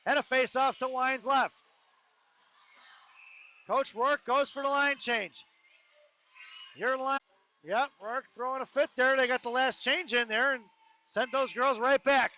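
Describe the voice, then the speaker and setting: A man calling a youth hockey game live in an ice arena, rapid play calling with joking asides. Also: extremely high pitch, steady tone, sharp tone. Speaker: play-by-play announcer. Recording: dull lo-fi arena stream with faint noise.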